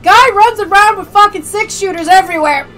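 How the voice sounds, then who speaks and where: A woman streaming a video game, chatting excitedly, joking and swearing as she plays. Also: very high-pitched, a little fast, faint music behind. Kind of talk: casual let's-play commentary.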